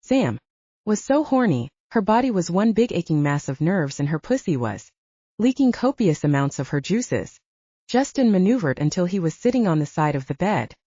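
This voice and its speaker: A woman narrating a romance audiobook in an expressive, animated reading. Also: on the low side, moderate pace, no room sound, highs cut off. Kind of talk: scripted narration.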